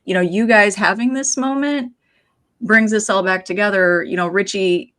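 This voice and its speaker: A woman's voice: medium pitch, moderate pace, fairly bright tone. A woman on a podcast making a reflective, persuasive point and often asking "right?". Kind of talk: casual podcast chat.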